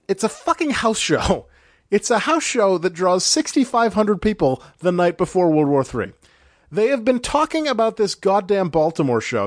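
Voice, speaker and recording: A man's voice: sits high, dry recording, clean studio sound. A man hosting a podcast, recapping a broadcast in a sarcastic, exasperated way and swearing freely. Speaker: podcast host.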